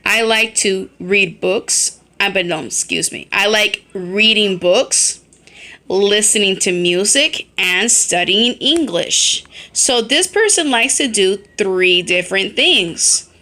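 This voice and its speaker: Bright-voiced woman teaching a lesson. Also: medium pitch, lively intonation, slow. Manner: explains step by step, often checks in with 'okay?'. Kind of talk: recorded classroom lesson. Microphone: phone held in hand.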